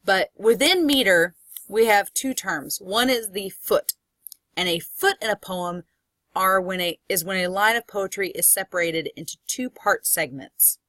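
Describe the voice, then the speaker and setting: A woman professor giving a recorded lecture, explaining step by step and reading poetry aloud slowly. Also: mid-range voice, a bit bright, no echo.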